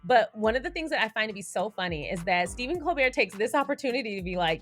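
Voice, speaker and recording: A woman's voice: a little high, lively intonation, quick pace, hardly any pauses, a bit bright, soft background music. A young adult woman hosting a casual commentary vlog, chatty, with slangy asides and frequent laughter. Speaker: YouTube commentary host.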